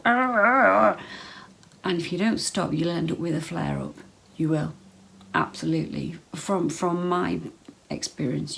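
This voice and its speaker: A woman's voice: sits low, gravelly, a little hiss or hum, poor audio. A woman vlogging casual health advice straight to camera, chatty, full of ums and repeated phrases.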